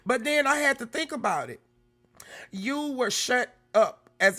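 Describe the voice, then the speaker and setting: A woman hosting a casual livestream, greeting viewers by name and shifting between loud exclamations and quiet, emotional talk. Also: on the high side, animated, measured pace. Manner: emotional, swings from loud exclamations to soft near-whispers; talks straight to chat, greeting viewers by name. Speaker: YouTube livestream host.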